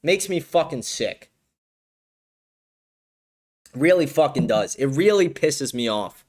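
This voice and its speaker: A man's voice: a little high, fairly bright tone. A man hosting a live-stream political commentary show, ranting angrily and swearing often. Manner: angry, profane ranting. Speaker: show host.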